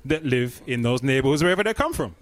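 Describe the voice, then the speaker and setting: A man's voice: medium pitch, expressive, fast talker, no room sound. A man hosting a casual group chat, musing and repeating his points. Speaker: podcast host.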